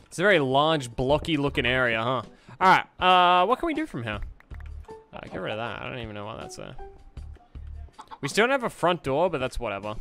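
A man's voice: medium pitch, sing-song, a little fast, bright, forceful tone, soft background music. A young man streaming a game, chatting casually with viewers, joking and greeting them with upbeat bursts. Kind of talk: casual gameplay chat with viewers.

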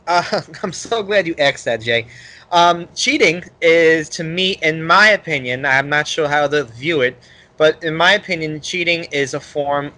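A man with a Brooklyn accent co-hosts a casual podcast, loud and excitable, laughing often. His voice is bright and forceful and sits a bit high for a man. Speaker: podcast co-host. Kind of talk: casual chat.

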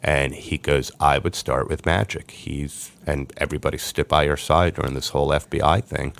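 A man, a podcast guest, telling his life story in a lively way and acting out the voices of people he quotes. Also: extremely low pitch, normal speed, gravelly. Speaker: podcast guest, sports agent. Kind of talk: storytelling interview.

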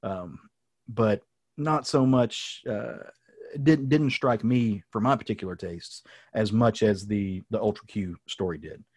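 Husky-voiced man recapping a comic. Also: fairly low pitch, measured pace, a little mellow, dry recording, clean studio sound. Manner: rambling storyteller, lots of ums and asides. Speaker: podcast host. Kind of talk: casual comic book recap.

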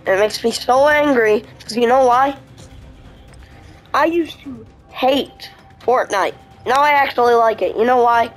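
A woman's voice: a little high, unhurried, faint music behind, rough recording. A woman giving casual gameplay commentary, ranting bluntly about the game as she plays. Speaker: gamer streamer.

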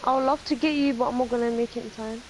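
A woman's voice: on the high side, steady tone, racing, a little hiss or hum, low-quality recording. A woman urging her teammates in casual gaming chat, repeating herself. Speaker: gamer.

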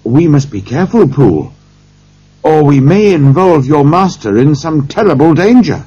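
A man voicing an anxious old-fashioned lawyer, husky. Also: lowish voice, big pitch swings, takes it slowly, dark tone, full character voice. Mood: alarmed. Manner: anxious, questioning. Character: worried middle-aged male Victorian lawyer. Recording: dull lo-fi recording.

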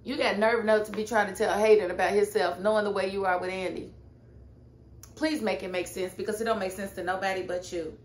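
Woman, TV recap vlog, animated, sassy, mid pitch, echoey room. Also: fairly quick. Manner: animated, sassy, talks straight to the characters. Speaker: TV show reviewer. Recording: echoey room with faint noise.

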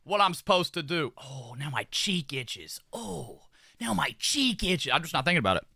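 A young man streams from a small room at home, cursing and rambling in loose slang while he does his makeup. His voice is sharp and very bright, a bit high for a man, and it swings up and down a lot. The sound is close and completely dry. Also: big pitch swings, normal speed, creaky, husky, dry recording. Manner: profane, slangy, rambling with repeated phrases. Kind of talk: casual livestream chat while doing makeup.

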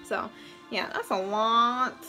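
Brooklyn mom vlogging, kinda high voice, blunt and emphatic, soft music behind. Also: female voice, steady tone, slow pace. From Brooklyn, New York. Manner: frank, emphatic, scolding her small son playfully. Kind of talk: casual vlog talk.

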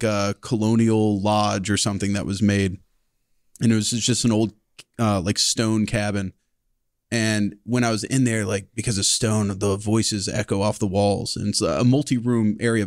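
A man's voice: fairly low pitch, dry recording, studio quality. A man guest on a podcast, telling a long, casual story full of "like"s, restarts and swearing. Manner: rambling, filler-heavy, profane.

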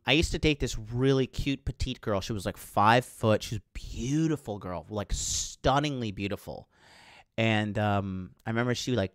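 Man, dating coach host, crude and profane, rambling live chat talk, mid pitch, dry close sound. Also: fairly bright tone, no room sound. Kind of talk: casual livestream talk to chat viewers.

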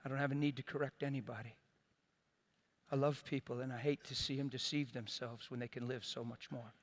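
A middle-aged man preaching a sermon as a pastor, earnest and impassioned, swinging between loud bursts and quiet, soft asides. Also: medium pitch, steady tone, a little fast.

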